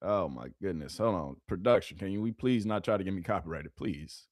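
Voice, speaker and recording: A man's voice: low-pitched, a little fast, no echo. Male live-stream host, chatty and repetitive, dry close sound. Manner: animated, repeats phrases, talks to chat. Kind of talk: casual live-stream commentary.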